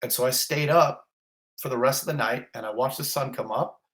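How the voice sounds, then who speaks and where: A man's voice: medium pitch, a little fast, fairly bright tone. Blunt, intense man telling his story. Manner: vivid, blunt storytelling with swearing. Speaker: fire captain. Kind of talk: intense first-person retelling.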